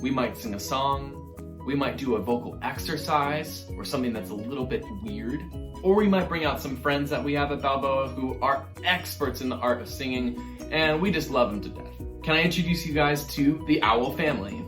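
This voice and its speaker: A man's voice: medium pitch, moderate pace. A man teaching an online music lesson to young children, upbeat and encouraging as he speaks straight to the kids. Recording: roomy echo with faint music.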